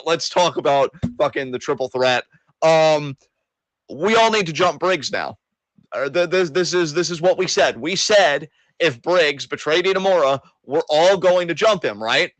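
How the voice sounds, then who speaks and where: A man's voice: a little high, fairly bright tone, no room sound, rough recording. Ranting, foul-mouthed man, dry sound. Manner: exasperated, sarcastic, swears a lot. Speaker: wrestling podcast co-host. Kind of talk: casual profane wrestling rant.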